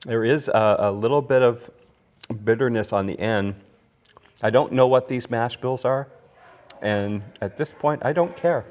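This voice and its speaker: A man's voice: mid-range voice, measured pace, darkish tone. A man hosting a casual whiskey tasting chat, rambling like a storyteller with many restarts. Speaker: podcast host.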